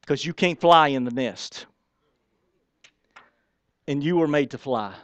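A man's voice: on the high side, takes it slowly, no room sound. A man who is a pastor preaching a sermon in a folksy, emphatic way with casual slang.

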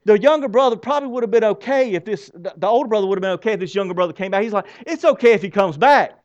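A man preaching a sermon, animated, asking his listeners rhetorical questions and reading scripture aloud with dramatic pauses. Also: high-pitched, muffled recording. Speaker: pastor.

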